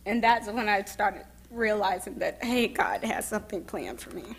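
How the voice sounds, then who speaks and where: A young woman speaking at a summit and telling her own story in an emotional testimony, softly, with pauses and restarts. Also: mid-range voice, expressive, breathy edge. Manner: soft-spoken and emotional, pausing and restarting. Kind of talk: personal testimony speech. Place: summit event.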